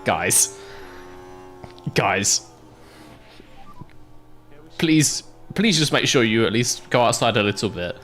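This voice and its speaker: A man's voice: fairly low pitch, animated, slow pace, long pauses, a bit bright, soft background music. A British man streaming a game, chatting casually with viewers, laughing often. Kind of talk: casual livestream chat.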